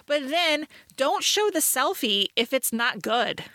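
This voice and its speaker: A woman co-hosting a podcast in casual chat, talkative and quick to laugh, with lots of "like" in her speech. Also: high voice, sing-song, bright, forceful tone, a little hiss or hum. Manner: chatty, laughs often, says "like" a lot. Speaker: podcast co-host reviewing a TV movie.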